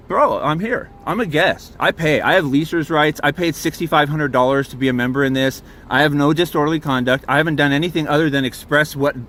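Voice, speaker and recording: Irate man filming on his phone from his truck, rambling and swearing, voice on the high side. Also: fairly bright tone. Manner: indignant, rambling, swears freely. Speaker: campground guest in a dispute. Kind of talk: agitated recounting to a phone camera.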